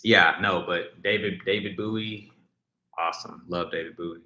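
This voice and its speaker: A man's voice: sits low, steady tone, normal speed, sharp tone. Rambling man streaming live in an echoey room. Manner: rambling, filler-heavy, frequent restarts. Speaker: livestream host reacting to music. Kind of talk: casual livestream chat, reading viewer comments. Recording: roomy echo.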